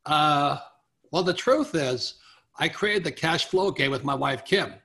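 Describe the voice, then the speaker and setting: A man being interviewed as a guest author, telling a story with lively quotes of the people in it. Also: fairly high pitch, measured pace.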